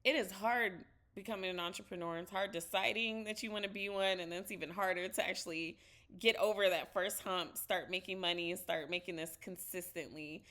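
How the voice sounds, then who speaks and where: A woman with a Southern US accent hosting a business interview show, bubbly and quick to laugh. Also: on the low side, fairly even intonation, a bit bright. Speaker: host.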